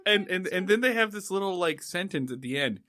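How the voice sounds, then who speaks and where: A man co-hosting a casual comedy podcast, recapping plot points in an animated, joking way. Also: high voice, a little fast. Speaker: podcast co-host.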